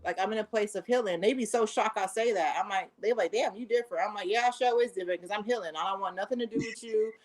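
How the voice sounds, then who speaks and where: A woman's voice: mid-range voice, fast talker, few pauses. Woman co-host, casual live-stream talk, blunt, slangy, no-nonsense. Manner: blunt, straight-talking, slangy.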